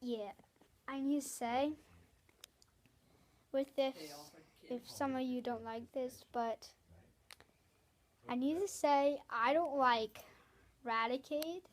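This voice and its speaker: Woman vlogger with a higher voice, rambling and chatty, keeps apologizing to viewers. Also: slow, long pauses. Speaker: video host. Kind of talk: casual vlog chat.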